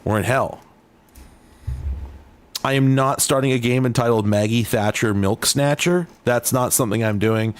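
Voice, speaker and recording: A man's voice: medium pitch, normal speed, pauses often. A man hosting a casual video, talking to himself as he plays old computer games, rambling and sardonic, often cutting himself off mid-sentence. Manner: rambling, sardonic, self-interrupting. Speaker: host. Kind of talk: casual commentary while playing retro games.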